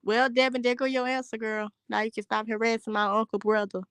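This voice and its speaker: A woman's voice: on the high side, little pitch movement, a little fast, fairly bright tone, clear, resonant tone, dry recording. A young woman hosting a casual livestream, reading viewer comments aloud in a brash, profane, joking way. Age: young adult. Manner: brash, profane, laughing, talks straight to chat. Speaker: livestream host.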